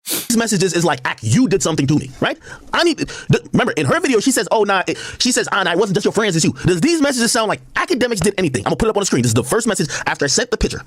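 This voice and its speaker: A man talks at a racing clip in a husky, dry-sounding voice, and his pitch swings widely as he reads text messages aloud. He breaks off the quotes with blunt asides on a heated livestream. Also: sing-song, rapid-fire, fairly bright tone, dry recording. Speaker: streamer reading out text messages.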